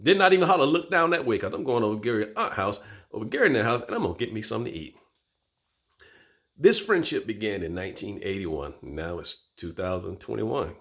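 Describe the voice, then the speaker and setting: A man's voice: on the low side, a little fast, vocal fry. A man, telling a personal story as host and acting out voices. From Florida, USA. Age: 50s. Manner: animated, acts out voices.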